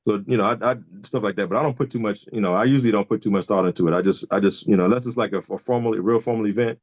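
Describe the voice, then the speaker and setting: Podcast guest, man in his fifties, chatty storyteller full of fillers, fast, dry and dull-sounding remote audio. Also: fairly low pitch, no room sound. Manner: rambling storyteller with many fillers and restarts. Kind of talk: casual chat. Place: home over a video call.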